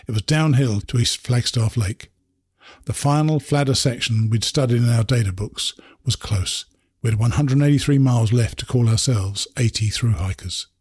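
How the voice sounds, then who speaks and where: English male memoir narrator, reflective delivery, breathy middle-pitched voice. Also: a little mellow, no room sound. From England. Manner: measured, reflective storytelling. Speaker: narrator reading his hiking memoir. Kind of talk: first-person memoir narration.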